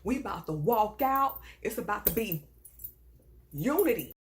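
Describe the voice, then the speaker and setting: A young woman from the American South with a Southern accent, telling a personal story in a casual, animated and indignant way. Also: mid-range voice, a little slow, slight background noise. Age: young adult. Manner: animated, indignant, swings between hushed asides and raised outbursts.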